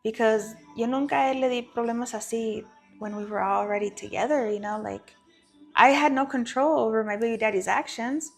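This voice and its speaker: Lady guest, kinda raspy fry voice, blunt and sweary, faint music behind. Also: a little high, normal speed. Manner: frank and profane, mixing in Spanish phrases. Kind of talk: candid personal storytelling.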